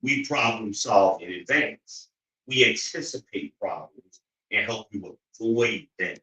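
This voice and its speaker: A man hosting an opinionated monologue, preachy and profane, often climbing into loud, incredulous outbursts. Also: lowish voice, animated, measured pace. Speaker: show host. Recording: roomy echo.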